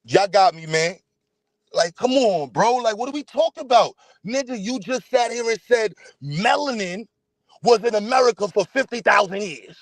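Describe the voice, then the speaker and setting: Loud, high-voiced man ranting profanely. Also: animated, moderate pace, no room sound. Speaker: livestream host. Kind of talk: heated livestream rant.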